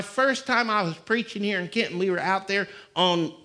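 A male pastor preaching a sermon, swinging between conversational talk and sudden shouts. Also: sits high, normal speed, few pauses. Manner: fiery, shouting bursts between conversational stretches. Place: church. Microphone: live-streamed service mic.

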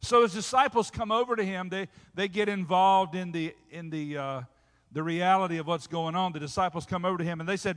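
Male pastor, high voice, preaching with lots of call-and-response, sound ringing through a reverberant church. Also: steady tone, fairly quick. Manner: preaching with call-and-response asides, rising to loud shouts. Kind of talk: sermon. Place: church sanctuary. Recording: hall reverb.

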